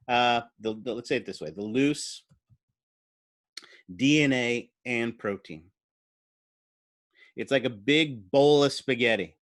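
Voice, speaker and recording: A man's voice: medium pitch, fairly bright tone, dry recording, clean studio sound. A man giving a recorded university biology lecture. He explains step by step while drawing, thinks aloud, and asks the class playful questions.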